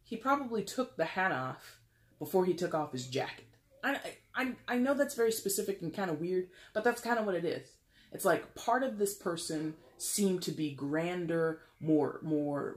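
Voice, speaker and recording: Chatty tarot reader with lively pitch. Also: unhurried, roomy sound. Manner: chatty, acts out imagined dialogue in lively quoted voices; frequent laughs and asides. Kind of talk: casual tarot reading monologue.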